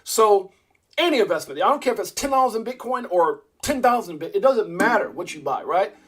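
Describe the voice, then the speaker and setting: A man's voice: high-pitched, expressive, a little fast, fairly bright tone, breathy edge. A man hosting a casual crypto livestream, rambling with many restarts and talking straight to his viewers. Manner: rambling, restarts often, addresses viewers as guys.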